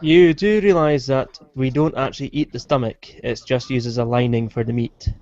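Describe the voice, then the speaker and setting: A man's voice: medium pitch, fairly even intonation, moderate pace, darkish tone, no room sound. A man from Scotland, explaining things matter-of-factly in a group video call. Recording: dull lo-fi call audio.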